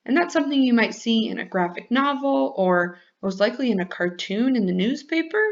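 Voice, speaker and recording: In a muffled recording, a woman gives young children a lesson, enunciating clearly and lengthening her words in a singsong way. Her pitch is a little high.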